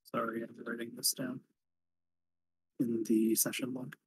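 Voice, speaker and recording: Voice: mid-range voice, flat delivery, a little slow, husky, no echo. A player in a tabletop game, questioning politely in character. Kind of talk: role-playing a tabletop game.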